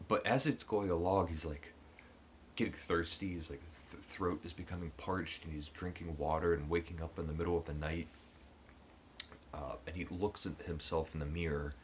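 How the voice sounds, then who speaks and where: A man with an extremely deep voice recaps a short story for a book review. He speaks slowly, stumbles over his words and fills gaps with ums and uhs. A faint hiss runs under the recording. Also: fairly bright tone. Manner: halting, many ums and stammers. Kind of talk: casual story retelling.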